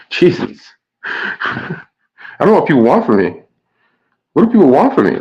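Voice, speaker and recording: A man's voice: fairly high pitch, wildly swooping pitch, extremely slow, long pauses, a little mellow, dull audio. A man streaming live and chatting casually with his viewers, stumbling over his words and trading sarcastic jabs with chatters.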